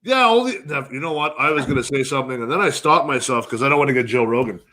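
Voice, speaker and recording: A Canadian man co-hosting a podcast, rambling and swearing loudly through casual banter. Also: medium pitch, lively intonation, quick pace. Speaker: podcast co-host. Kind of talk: casual profane chat.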